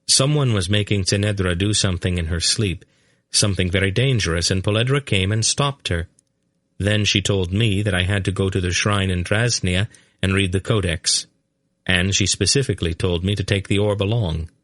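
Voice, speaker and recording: A man's voice: sits low, normal speed, a bit bright, no room sound, studio quality. A man reading the part of an earnest young man who grimly insists on being heard. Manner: grim, insistent.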